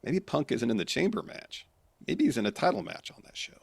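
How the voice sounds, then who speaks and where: A man's voice: medium pitch, big pitch swings, fairly quick, creaky, husky, no room sound. A man co-hosting a podcast, thinking aloud about wrestling storylines in casual chat. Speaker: podcast co-host.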